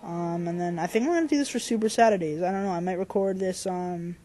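A man's voice: sits high, fast talker, dark tone, faint music behind. A young man giving goofy, rambling let's-play commentary into a desk microphone at home. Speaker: gamer host.

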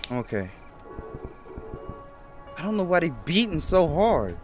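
A man's voice: sits high, sing-song, fairly quick. A man commenting nervously while playing a horror game, reacting with jumpy outbursts over the game's music. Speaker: gaming YouTuber. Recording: loud game music behind.

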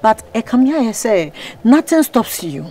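A woman's voice: a little high, very animated, moderate pace, mellow. A woman with a Ghanaian accent playing a married woman begging a persistent man to leave her alone, in a web drama. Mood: pleading. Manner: pleading, exasperated.

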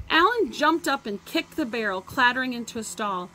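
A woman teacher reads a chapter book aloud to her class, telling the story with expressive delivery. She breaks off now and then for short asides to her listeners. Her voice sits a little on the high side. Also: moderate pace, few pauses, a little hiss or hum.

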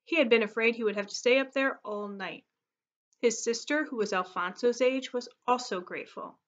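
A woman teacher reading a story aloud to her class, expressive and steady, on a muffled recording. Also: a little high, moderate pace.

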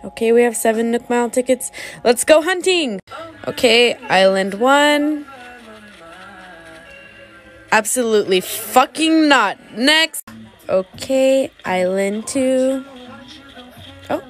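High-voiced, blunt woman gamer. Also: faint music behind. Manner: blunt, excitable, quick verdicts. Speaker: video game player. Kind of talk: casual gameplay commentary.

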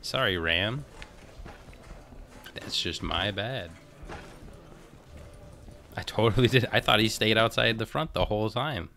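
Low, gravelly man playing a game. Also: slow, long pauses, sharp tone, slight background noise. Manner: chatty, talks to himself and the game, frequent restarts. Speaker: let's play host. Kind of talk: casual gameplay commentary.

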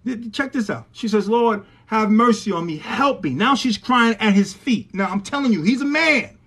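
High-pitched man preaching bible study, fervent, repeats himself, sudden loud bursts. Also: expressive, moderate pace, breathy edge. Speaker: pastor.

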